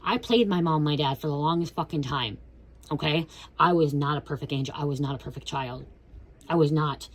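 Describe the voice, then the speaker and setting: A woman's voice: sits low, fairly even intonation, fairly quick. A woman in her thirties giving a casual spiritual reading, blunt and profane, who keeps checking in with "okay?". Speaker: tarot reader.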